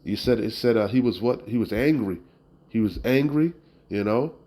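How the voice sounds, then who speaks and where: A man's voice: lowish voice, animated, moderate pace, warm tone, low-quality recording. A man preaching, reading Bible verses aloud and then explaining them in blunt, emphatic talk full of "you know?" asides. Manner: blunt and emphatic, occasional profanity. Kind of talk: street-style scripture teaching.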